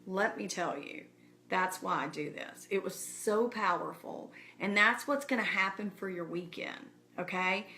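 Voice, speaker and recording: A woman's voice: medium pitch, a little slow, sharp tone. A woman speaking casually and earnestly to her viewers, encouraging them directly. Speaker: speaker addressing her community. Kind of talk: casual live-stream address.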